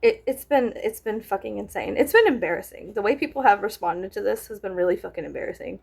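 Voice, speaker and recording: A woman, vlogging a casual, profane storytime rant, animated and exaggerating as she talks. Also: mid-range voice, fast talker, creaky, slightly rough.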